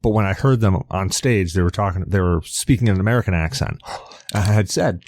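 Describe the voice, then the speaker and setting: A man's voice: low-pitched, brisk, a little mellow. A man co-hosting a podcast in rambling, casual chat, swearing now and then, from the New York area. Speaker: podcast co-host.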